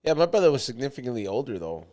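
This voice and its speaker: A man's voice: mid-range voice, racing. A man co-hosting a podcast, telling stories in loose, slangy casual chat. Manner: loose, slangy, animated storytelling. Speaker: podcast co-host.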